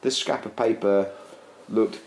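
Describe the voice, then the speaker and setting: Deep-voiced man rambling through a comic tale. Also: unhurried, creaky, slight background noise. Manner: rambling, deadpan, many fillers. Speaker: storyteller. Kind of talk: casual comic storytelling. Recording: roomy echo, faint ambience.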